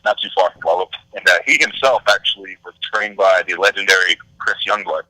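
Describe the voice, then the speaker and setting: Easygoing man, bright and dry. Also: low voice, a little fast, dry recording, low-quality recording. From Texas. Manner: easygoing, filler-heavy with many "uh" and "you know". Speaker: guest, independent wrestler. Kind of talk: podcast interview answers.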